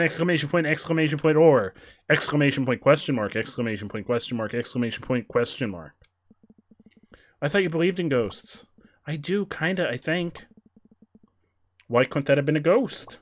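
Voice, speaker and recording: A man streaming a video game with a stuffy nose, chatting casually, reading the game's dialogue aloud, and greeting his chat in a loud, high, animated voice.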